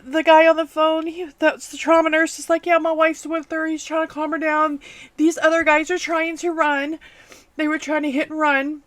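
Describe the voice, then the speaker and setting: Tearful high-voiced woman, halting. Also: a bit bright, no room sound. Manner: tearful, halting, many fillers and restarts. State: near tears. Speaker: crafting channel host. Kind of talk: emotional personal vlog.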